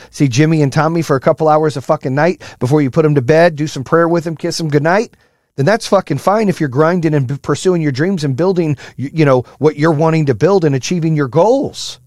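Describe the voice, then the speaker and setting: Man, blunt profane motivator, wired and high-strung, voice on the high side, dry close sound. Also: a little mellow, no room sound. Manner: blunt, heavy swearing, fired-up. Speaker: motivational speaker.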